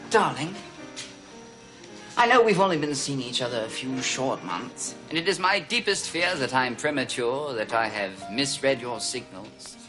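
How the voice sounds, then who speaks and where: A man's voice: medium pitch, expressive, a little slow, over music, lightly acted. An actor playing a formal, earnest upper-class man proposing in a TV sketch. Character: prim, naive upper-class male suitor. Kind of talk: TV sketch comedy acting.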